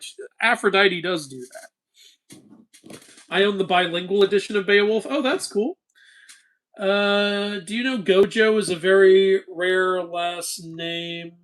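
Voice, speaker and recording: Bright, high-voiced man laughing through a live Q&A. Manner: animated, laughs often, casual swearing. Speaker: host answering chat questions. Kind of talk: casual live-stream Q&A.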